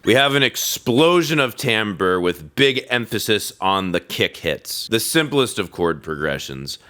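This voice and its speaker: Over a loud rock song, a man with a lowish, very animated voice hosts a music reaction, unhurriedly explaining chords and theory in a casual, enthusiastic, profane way.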